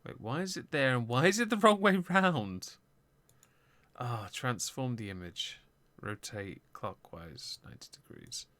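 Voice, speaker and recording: A man's voice: medium pitch, lively intonation, measured pace, fairly bright tone, dry recording. A man hosting a casual political livestream, with a dry, teasing manner. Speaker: stream host.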